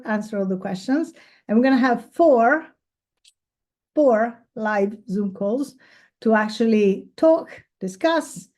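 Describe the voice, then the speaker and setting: Fielding questions after her casual talk at an event space, the professional photographer speaks in a darkish voice on the high side. She's bubbly with enthusiasm, chatty, and laughs freely.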